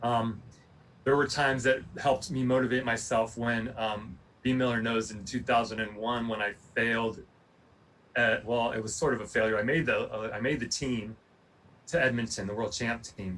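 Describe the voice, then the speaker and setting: A man in his forties, a former Olympic pole vaulter, giving a casual motivational talk in a rambling, animated storytelling way with lots of fillers. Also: medium pitch, moderate pace. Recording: distant mic, faint room noise.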